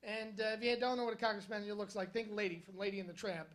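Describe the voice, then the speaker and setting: A man with a fairly high voice works through a stand-up set on a club stage. He tells his stories in a wry, conversational way and lands sudden punchy jokes. He speaks into a handheld microphone. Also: flat delivery, fast, fairly bright tone. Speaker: stand-up comedian. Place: comedy club stage in front of a live audience.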